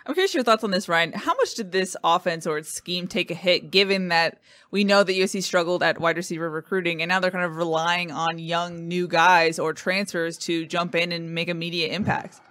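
A woman hosting a sports call-in show, brisk and upbeat as she moves between callers and co-hosts. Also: lowish voice, fairly bright tone, dry recording. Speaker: talk show host. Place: studio.

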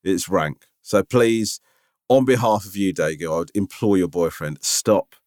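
A man's voice: low-pitched, unhurried, a little mellow, no echo, studio quality. A man co-hosting a podcast in casual chat, emphatic and exasperated, swearing freely. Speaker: podcast co-host.

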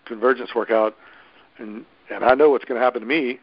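A man's voice: medium pitch, brisk, husky, dry recording. Enthusiastic rambling man, lo-fi audio. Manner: enthusiastic, rambling with many restarts. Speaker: local event host organizer. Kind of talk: casual podcast chat.

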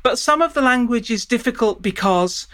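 A woman's voice: on the high side, animated, normal speed, a bit bright. A woman professor explaining in an interview, thinking aloud and often stopping to restart her sentences. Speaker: professor of Shakespeare studies.

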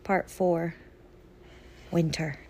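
A woman reading a picture book aloud to a child in a gentle, measured way. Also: lowish voice, fairly even intonation. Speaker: reader to a child. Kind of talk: storybook read-aloud.

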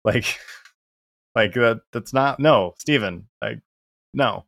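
A man's voice: mid-range voice, slow pace, vocal fry, fairly bright tone, no room sound. A man co-hosting a podcast in a casual conversational chat, wry and rambling with many restarts. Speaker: podcast co-host.

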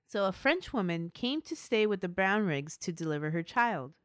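A woman's voice: medium pitch, sing-song, normal speed, no echo, clean studio sound. A woman hosting a podcast, narrating a true-crime story in a chatty way with asides. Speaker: podcast host.

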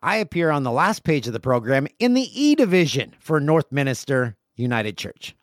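A man's voice: on the high side, huge pitch swings, normal speed, no echo, studio quality. A man in his forties hosting a casual solo podcast, reading listener emails aloud with jokey asides. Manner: chatty, jokey asides while reading mail. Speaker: podcast host.

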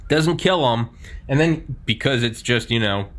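A man's voice: mid-range voice, expressive, measured pace, fairly bright tone. A man in his thirties hosting a podcast, talking in a loose, rambling, chatty way full of "like" and "man". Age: 30s. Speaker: podcast host. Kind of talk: casual chat.

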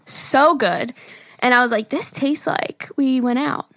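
A woman's voice: high-pitched, unhurried, dry recording, studio quality. Giggly woman co-hosting a podcast. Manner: giggly, animated, swears casually. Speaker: podcast co-host. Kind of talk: casual chat.

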